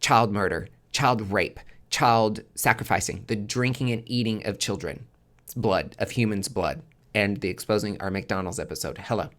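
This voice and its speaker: A man's voice: fairly low pitch, moderate pace, fairly bright tone. A man hosting a monthly tarot forecast in a casual spoken monologue, swearing constantly and driving his points home with emphatic repetition.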